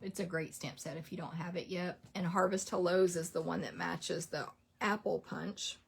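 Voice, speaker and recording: A woman's voice: on the low side, steady tone, moderate pace, vocal fry, breathy edge. A woman chatting casually as she runs through a list of craft products, with lots of "like" and "um".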